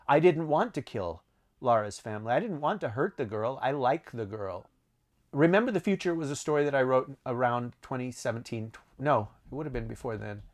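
A man chatting about his own writing in an easygoing, rambling way. He corrects himself mid-sentence and laughs at his own stories. His voice sits at an ordinary middle pitch. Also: expressive, brisk. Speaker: author answering reader questions. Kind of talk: casual chat.

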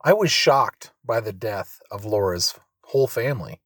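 A man reading out a question to an author, plain and measured. The recording is dry and close, with no room sound. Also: lowish voice, animated, a bit bright, no room sound.

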